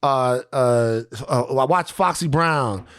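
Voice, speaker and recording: A man co-hosting a podcast in casual chat, animated and profane, ranting with energy. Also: medium pitch, slow pace, smooth. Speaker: podcast co-host.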